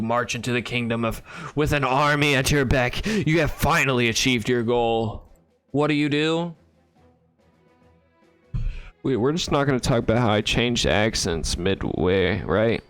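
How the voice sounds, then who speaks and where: A man playing a text adventure game, reading its lines aloud and adding wry, deadpan comments on a close mic. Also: mid-range voice, unhurried, clear, resonant tone, faint music behind. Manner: wry, deadpan, bursts into laughter. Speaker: gaming YouTuber.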